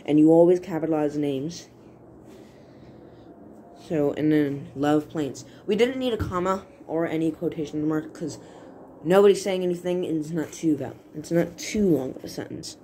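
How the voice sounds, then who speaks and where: Low-voiced woman giving a rambling lesson. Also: normal speed, dark tone, slight background noise. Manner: rambling, self-correcting, playful. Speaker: writing tutorial host. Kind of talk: casual video tutorial.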